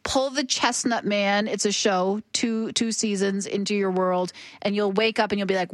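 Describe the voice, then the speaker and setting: A woman co-hosting a radio show, chatting casually in a lively, opinionated, quick way, often laughing. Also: medium pitch, no echo. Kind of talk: casual chat on air. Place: radio studio. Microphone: studio microphone.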